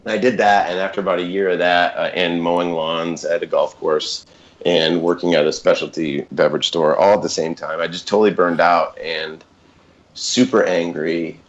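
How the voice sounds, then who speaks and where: Low-voiced man telling a rambling story. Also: fairly even intonation, normal speed, muffled recording. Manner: rambling, self-interrupting, with many fillers and asides. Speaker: podcast guest. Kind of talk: casual storytelling.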